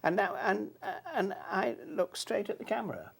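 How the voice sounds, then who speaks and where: A man's voice: sits high, expressive, normal speed, gravelly, husky. A man, an actor, chatting hesitantly with many fillers while he reminisces about working on a show. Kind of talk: reminiscing conversation.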